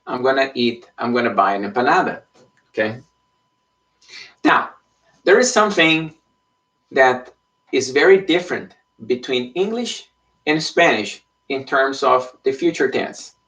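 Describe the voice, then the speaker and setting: A man's voice: medium pitch, expressive, a little slow, long pauses, a bit bright. A man teaching an online Spanish lesson in English, explaining patiently and checking in with frequent "okay?". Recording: voice somewhat far from the mic.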